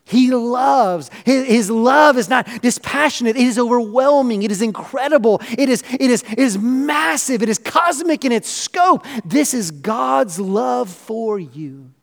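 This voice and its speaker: A man with a high voice preaches a sermon, earnest and passionate, stacking repeated phrases as he builds. His words ring out with a long reverb through a large church hall. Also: lively intonation, unhurried, gravelly, few pauses. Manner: earnest and passionate, rising in emphasis, with frequent repeats. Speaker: pastor.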